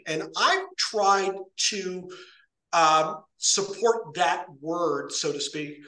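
A man hosting a casual interview, asking questions with halting, repeated words. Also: high voice, pushed and bright, reverberant, poor audio. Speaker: host, interviewer.

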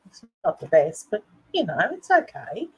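Chatty woman crafting, husky. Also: fairly low pitch, huge pitch swings, normal speed, rough recording. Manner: chatty, talks to herself and viewers while working. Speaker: craft video host. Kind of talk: casual crafting commentary.

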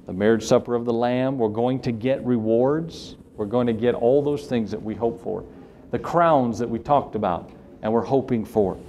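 A man's voice: mid-range voice, moderate pace, darkish tone, lo-fi sound, a little hiss or hum. A man preaching a sermon as pastor, earnest and building to emphatic questions. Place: church sanctuary.

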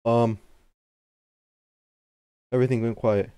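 A man's voice: medium pitch, little pitch movement, slow, dark tone, clear, resonant tone, no echo. Jittery young man playing a horror game. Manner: jittery, swears, yelps and talks to himself when scared. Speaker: gameplay youtuber. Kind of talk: horror game playthrough commentary.

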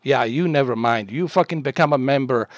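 A man's voice: medium pitch, a little fast, no echo, studio quality. A man from Bosnia, a livestreamer, delivering an aggressive, profane rant at a chat troll.

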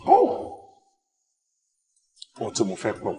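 A middle-aged man with a Nigerian accent playing a fond, playful father and husband. He teases warmly and moves between English and Yoruba. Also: measured pace, lightly acted. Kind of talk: film dialogue. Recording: echoey room.

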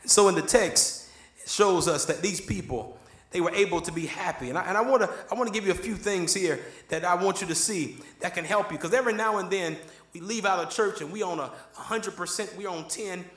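A man's voice: sits high, fairly quick, fairly bright tone. A man preaching a sermon in a church, calling for amens from the congregation. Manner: call-and-response preaching, asks for amens. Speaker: pastor. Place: church sanctuary. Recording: echoey church room.

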